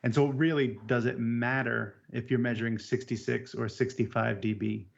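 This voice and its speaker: A man co-hosting a casual technical chat about audio measurement, halting and restarting words as he explains. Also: mid-range voice, level tone, gravelly. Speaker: AV technician co-host. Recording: dull lo-fi sound.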